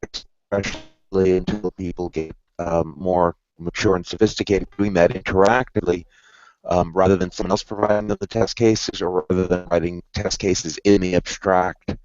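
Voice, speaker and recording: A man's voice: low-pitched, steady tone, normal speed, darkish tone, no room sound. A man speaking in an online meeting over a weak connection, explaining his points carefully. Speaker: meeting participant. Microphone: video call over weak Wi-Fi. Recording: dull, robotic-sounding call audio.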